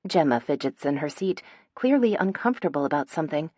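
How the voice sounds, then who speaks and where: Low-voiced woman narrating a romance. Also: fast, no room sound. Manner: lively, voicing bantering friends with raised pitch. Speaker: audiobook narrator. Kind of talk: first-person romance narration with character voices.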